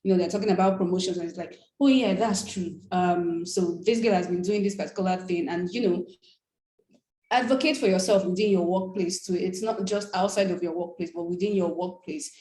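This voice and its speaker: A woman's voice: lowish voice, steady tone, fairly quick, warm tone. A woman speaking on a panel in a casual, conversational way, dropping frequent "like" and "yeah" fillers. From Nigeria. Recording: roomy echo.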